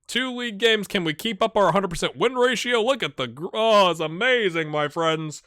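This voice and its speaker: Lively, bright-voiced male gaming host. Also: high voice, normal speed, no room sound, studio quality. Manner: chatty, excitable, talks straight to viewers. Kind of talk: live game commentary.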